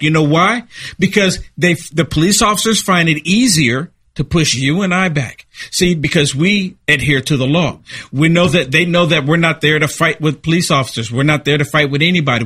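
A man's voice: sits high, bright, forceful tone, husky, no room sound, clean studio sound. A man giving impassioned political commentary in an emphatic, repetitive, preaching way.

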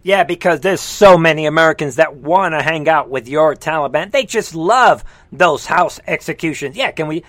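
A man's voice: fairly high pitch, normal speed, hardly any pauses, fairly bright tone, slight background noise. A man hosting a live reaction commentary show, heated and scornful, with mocking asides. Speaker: political commentary host.

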